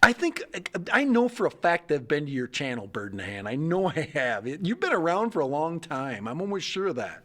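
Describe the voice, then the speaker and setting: A man's voice: fairly high pitch, sing-song, moderate pace, few pauses, fairly bright tone. Rambling, jokey man on a livestream. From United States. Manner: rambling, jokey, reads viewer comments aloud. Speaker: livestream host. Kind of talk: casual livestream chat.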